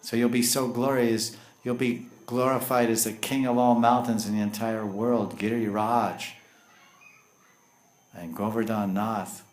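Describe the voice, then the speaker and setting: A man's voice: lowish voice, fairly even intonation, measured pace, a little mellow, echoey room, lightly acted. A man giving voice to a divine sky voice. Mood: reassuring. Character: booming divine male voice from the sky.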